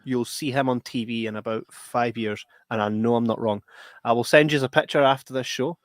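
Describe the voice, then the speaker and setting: A man's voice: mid-range voice, steady tone, brisk, no echo, studio quality. A man co-hosting a podcast in casual chat, repeating himself for emphasis, heard over a video call. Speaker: podcast co-host.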